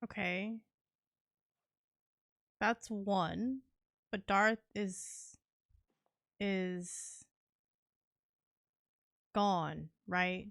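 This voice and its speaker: A woman's voice: medium pitch, fairly even intonation, drawn-out words, creaky, long pauses, fairly bright tone, dry recording, clean studio sound. A young woman streaming a cozy game, chatting casually with her viewers and teammates, playful and laughing often. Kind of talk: casual live-stream chat while gaming.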